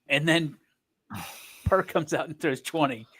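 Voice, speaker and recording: A man co-hosts a sports stream in loose, rambling banter, pitched a little high for a man. He teases his partner playfully and drifts from topic to topic. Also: slow pace, a bit bright, breathy edge. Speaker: sports show co-host. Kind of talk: casual banter. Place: streaming studio.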